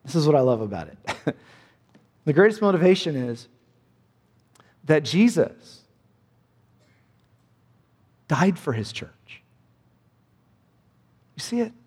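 A man's voice: on the high side, very animated, takes it slowly, pauses often, a little mellow, husky, in a large hall. A man preaching a sermon as pastor, earnest and emphatic, repeating his key phrases.

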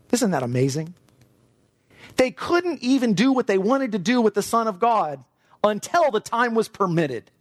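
A man preaching a sermon in an animated way, acting out quoted lines and laughing often. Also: on the high side, no echo.

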